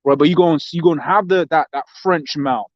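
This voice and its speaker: A man's voice: on the high side, a little fast, no room sound, dull audio. A man with a London accent in a casual religious discussion, talking animatedly with many restarts and reading scripture aloud. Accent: London English. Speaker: co-host.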